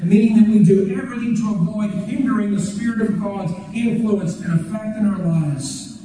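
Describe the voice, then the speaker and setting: A man's voice: sits high, dark tone, slight background noise. A man preaching an earnest expository sermon as a pastor, stressing key phrases through repetition. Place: church sanctuary. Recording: echoey church hall, mic at a distance.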